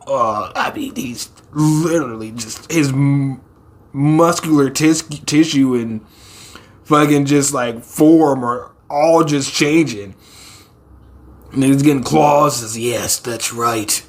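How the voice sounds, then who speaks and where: A man casually reacting to a manga chapter, swearing freely and hamming up the characters' lines in quick put-on voices. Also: medium pitch.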